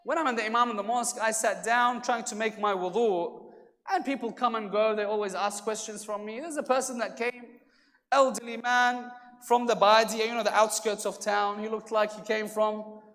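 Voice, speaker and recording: A man's voice: sits high, fairly bright tone. A man delivering a religious lecture, telling a story and acting out its dialogue with shifting volume. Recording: long hall reverb.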